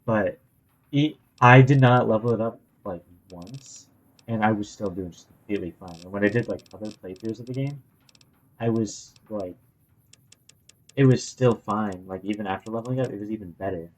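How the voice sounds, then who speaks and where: A young man co-hosting a podcast in casual chat, talking low and hushed with slangy words. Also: normal speed. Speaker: podcast co-host.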